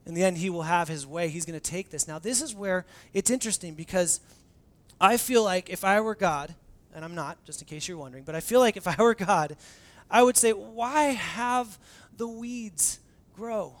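A young adult man preaching a sermon as pastor in a conversational, animated way, acting out the dialogue he quotes. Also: high-pitched, brisk.

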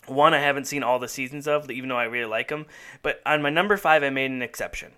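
This podcast host's voice is a little high with a sharp edge. He chats in an enthusiastic, casual way, wandering off on tangents and filling gaps with lots of filler words.

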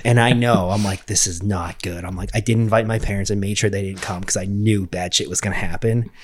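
A man's voice: on the low side, fast. Swearing young man telling a story. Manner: profane, animated storytelling with quoted voices. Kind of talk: casual storytelling chat.

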